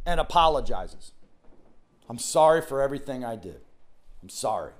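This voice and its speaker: A middle-aged man hosting a solo motivational podcast, talking in an earnest, rambling way that repeats itself and restarts often. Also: fairly high pitch. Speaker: podcast host.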